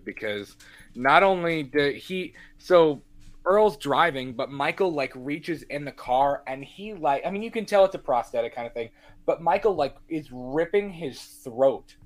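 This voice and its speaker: Guy on a movie podcast recapping the plot, kinda high voice, super lively up and down delivery. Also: a little slow. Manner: animated storyteller acting out scenes. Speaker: podcast co-host. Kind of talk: casual movie recap chat.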